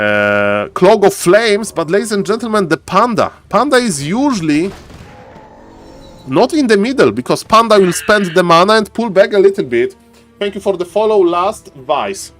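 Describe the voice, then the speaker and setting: A man giving excitable live commentary on a strategy game as a streamer, often calling out to the audience. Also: a little high. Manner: excitable, repeats catchphrase "ladies and gentlemen". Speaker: esports caster.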